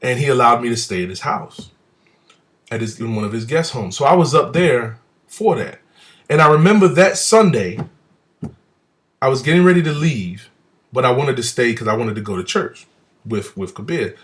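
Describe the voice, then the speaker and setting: A man telling a personal story about a church visit at home, acting out the people he quotes with big swings between loud and soft. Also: medium pitch, lively intonation, moderate pace, pauses often. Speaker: speaker recounting a church visit. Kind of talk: animated personal testimony.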